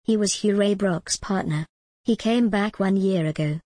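A woman's voice: medium pitch, normal speed, darkish tone, no echo, lightly acted. A woman reading as an old village woman. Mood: telling.

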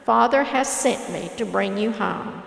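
Gentle eldest brother, as a woman reads him. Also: medium pitch, a little slow, creaky. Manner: soft, gentle, earnest. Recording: echoey hall reverb.

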